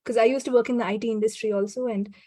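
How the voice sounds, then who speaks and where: A woman guest in a casual conversation, speaking reflectively with frequent restarts and soft laughs. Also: fairly high pitch, fairly even intonation, racing, no room sound.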